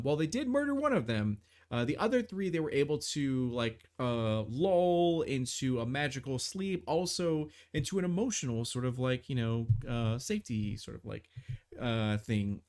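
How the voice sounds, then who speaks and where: A man's voice: medium pitch, lively intonation, normal speed. A man narrating as game master of a tabletop game on a live stream, rambling with many fillers and restarts.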